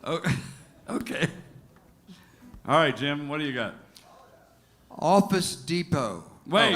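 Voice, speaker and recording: A man's voice: a little high, big pitch swings, slow, pauses often, fairly bright tone, soft background music. A man emceeing a raffle on stage, joking with the crowd and calling out numbers digit by digit. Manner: jokey, reads out numbers one digit at a time. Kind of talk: casual stage banter. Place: live music venue stage.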